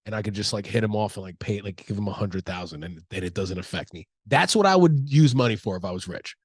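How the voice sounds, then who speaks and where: This comic podcast host, in his thirties and stuffed up by allergies, riffs casually and crudely on his own. His voice is lowish, husky and expressive, moving fast, and the recording is dry.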